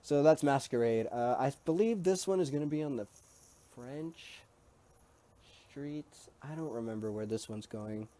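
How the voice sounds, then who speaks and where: A man's voice: mid-range voice, unhurried, warm tone. A man vlogging in a casual, rambling way, hesitant and full of ums and restarts. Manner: easygoing and chatty. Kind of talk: casual talk to camera.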